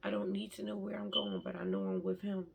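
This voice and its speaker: A woman's voice: mid-range voice, sing-song, brisk, gravelly, noisy background. A woman talking emotionally and from the heart in a personal faith vlog, often restarting her sentences. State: tearful at times. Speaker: vlogger.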